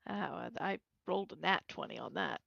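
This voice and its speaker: A woman's voice: lowish voice, expressive, brisk, creaky, fairly bright tone, dry recording. A woman running a tabletop game as game master, narrating monster moves and laughing easily. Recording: dull lo-fi recording.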